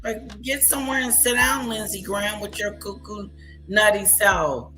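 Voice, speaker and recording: A woman's voice: mid-range voice, normal speed, over music. A woman hosting a live reaction stream, commenting on news clips in an indignant, mocking way and repeating lines back. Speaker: livestream commentator.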